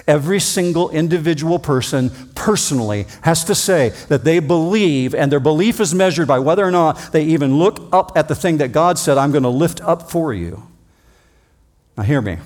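A male pastor delivering a sermon, rising to emphatic points and dropping to quiet asides. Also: on the high side. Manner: preaching with emphatic rises and quiet drops. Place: church.

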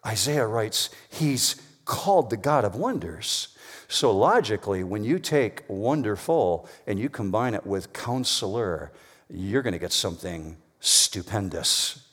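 A man preaching a sermon to a congregation, emphatic, swinging between loud declarations and quiet asides. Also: fairly low pitch, lively intonation, unhurried, slightly rough. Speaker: pastor. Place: church hall with a congregation. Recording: long hall reverb.

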